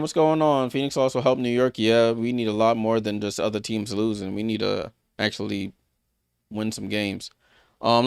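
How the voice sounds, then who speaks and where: On a clean studio recording with no echo, a man with a smooth, low-side voice and vocal fry hosts a live sports watchalong. His score recaps are loose and chatty, packed with fillers and restarts, and he addresses viewers by name.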